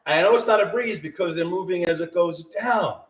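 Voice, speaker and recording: A man's voice: sits high, fairly quick, recorded from a distance. A middle-aged man animatedly telling a ghost story to a small live audience, laughing and acting out the voices. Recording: roomy sound from off-mic.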